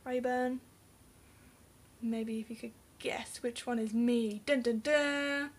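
A woman's voice: on the high side, fairly even intonation, takes it slowly. A young English woman talking casually through her bookcase, rambling and unsure, often trailing off into mumbles. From England. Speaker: book vlogger.

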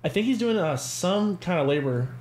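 A man co-hosting a casual podcast chat, animated and profane, often acting out what other people say. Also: high-pitched, normal speed, slight background noise. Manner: animated, profane, acts out quoted voices. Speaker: podcast co-host.

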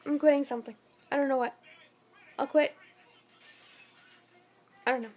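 A woman's voice: high voice, steady tone, moderate pace, darkish tone. A young woman vlogging at home at night, very tired and yawning, rambling in a scattered way. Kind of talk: casual vlog to camera.

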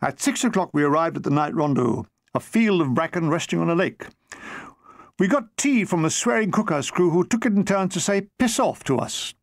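An older man from England reading his own war memoir aloud, with dry comic timing and quick jumps into put-on voices. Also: a little high, lively intonation, creaky, no echo.

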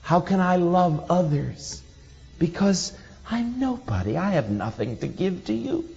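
Slow-paced, high-voiced male preacher, dull recording in a large hall. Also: vocal fry, faint music behind. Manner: expressive, acts out quoted voices with laughter. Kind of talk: sermon.

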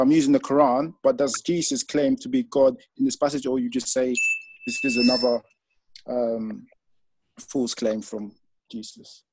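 A man with a British accent calls in to a debate and asks a question, slightly halting and restarting as he goes. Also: medium pitch, noisy background. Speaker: caller.

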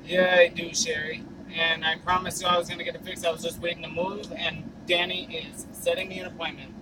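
Man vlogger, high-ish voice, off-mic in a noisy car, easy banter. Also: flat delivery, brisk, recorded from a distance. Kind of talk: casual vlog chat.

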